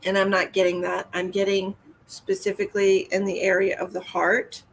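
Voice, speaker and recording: A woman psychic medium talks viewers through live readings in a soothing, gentle way, calling them hun and honey. Her voice sits at a mid pitch. A faint hiss of noise runs under her voice. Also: completely flat delivery, normal speed. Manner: soothing, calls viewers hun and honey, reads comments aloud.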